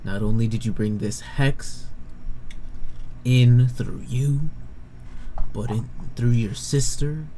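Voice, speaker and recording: A man voicing a stern, angry male sentinel commander and father, speaking in slow, clipped, grave lines. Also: medium pitch, dark tone, close to an everyday voice. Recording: noisy home recording.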